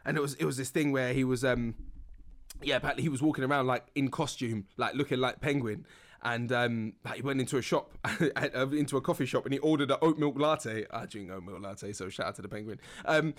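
A young man hosting a relaxed solo podcast, rambling with lots of fillers and laughing now and then. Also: medium pitch, a little fast. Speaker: podcast host.

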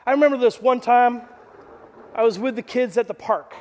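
A middle-aged man preaching a sermon as pastor, telling stories in an animated way and acting out the quotes. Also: very high-pitched, normal speed, long reverb tail. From Canada. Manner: animated storytelling, acts out quotes. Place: church service.

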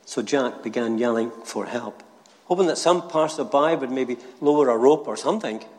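An older man, a retired minister, telling a humorous story and then preaching gently at a church service. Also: mid-range voice, normal speed. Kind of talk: short talk at a church service. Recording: long church reverb.

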